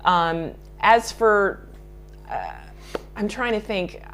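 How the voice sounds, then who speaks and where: A woman's voice: mid-range voice, big pitch swings, very slow, fairly bright tone, a little hiss or hum. A woman makeup artist answering interview questions in a chatty way, laughing often and restarting her sentences.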